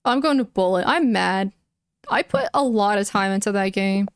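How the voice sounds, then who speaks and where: Streaming chess live, a young woman talks to her chat in a casual, emotional way, filling her speech with "like." She speaks at a moderate pace and medium pitch, smoothly, in studio-quality audio without room sound.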